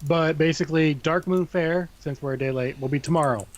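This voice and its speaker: A man's voice: fairly high pitch, brisk, dry recording. Man casually reading gaming news. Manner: reads out an event list with loose asides. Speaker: podcast co-host.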